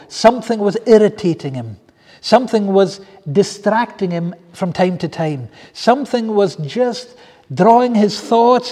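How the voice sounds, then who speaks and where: Male preacher, fairly high pitch, husky and earnest, pleading sermon delivery, long hall echo. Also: mellow. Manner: earnest, pleading, with many repeated phrases.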